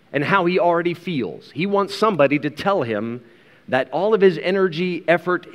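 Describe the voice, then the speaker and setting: Earnest male preacher in a reverberant hall. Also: on the high side. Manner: earnest, asks rhetorical questions, repeats words. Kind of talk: expository Bible sermon.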